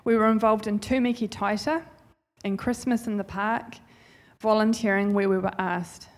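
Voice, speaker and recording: A woman's voice: medium pitch, fairly even intonation, moderate pace. A woman giving an informal, heartfelt church talk in a chatty, rambling way. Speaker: church speaker. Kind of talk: informal sermon testimony.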